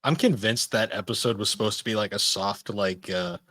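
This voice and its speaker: A man's voice: lowish voice, brisk, fairly bright tone, no echo, clean studio sound. A man guesting on a podcast in casual chat, laughing at his own stories and swearing casually.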